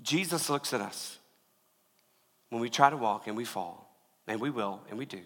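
A man preaching a casual sermon, talking loosely with restarts and dropping to a hush at times. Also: mid-range voice, normal speed, long reverb tail. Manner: conversational preaching with many restarts, drops to a hush. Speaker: pastor.

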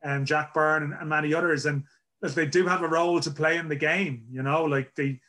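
Bright-voiced man hosting a podcast. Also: fairly high pitch, fairly even intonation, fairly quick. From Ireland. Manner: self-deprecating, rambling. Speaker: podcast host. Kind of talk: casual podcast chat.

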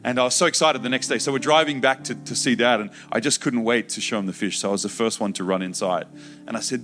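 A man's voice: mid-range voice, quick pace, soft background music. A man giving an emotional personal testimony in a sermon, acting out the words he once said. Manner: emotional storytelling, acts out shouted childhood quotes.

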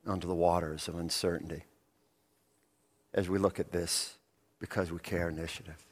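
A male pastor preaching a sermon, telling the story vividly and asking rhetorical questions of the congregation. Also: deep voice. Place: church sanctuary. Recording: long reverb of a church hall.

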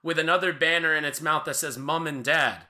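A man's voice: a little high, brisk, pushed and bright. A man hosting a film podcast, talking casually with a joking, rambling manner. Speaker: podcast host. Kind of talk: casual chat.

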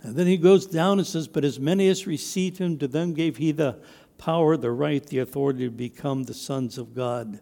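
A man's voice: a little high, normal speed, gravelly, mellow, big-room sound. A man preaching a sermon as pastor, emphatic, with his voice rising and dropping to stress his points.

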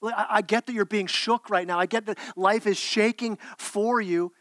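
Guy preaching, kinda high voice, dry sound, earnest and stumbly. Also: steady tone, moderate pace, a bit bright, no echo. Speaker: pastor. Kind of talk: sermon.

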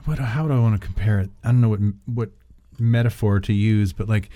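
A man co-hosting a podcast in casual chat, dropping wry deadpan asides and rambling into rants. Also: on the low side, brisk, dry recording. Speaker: podcast co-host.

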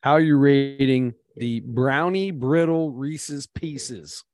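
A man co-hosting a podcast, telling stories in a casual, animated chat. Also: mid-range voice, no echo. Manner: storytelling, animated, quick asides. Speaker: podcast co-host.

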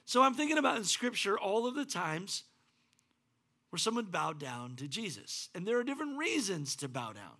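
A man preaching a sermon as pastor, animated and acting out the scripture quotes in varied voices. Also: sits high, normal speed. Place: church.

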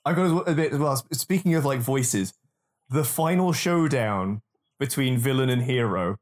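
A man's voice: mid-range voice, expressive, measured pace. A man co-hosting a film podcast in casual chat. He swears freely and often restarts his sentences. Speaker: podcast co-host.

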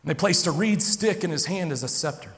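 A man preaching a sermon, telling the story dramatically, sinking low and slow, then building loud. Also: expressive. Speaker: pastor. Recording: long hall reverb.

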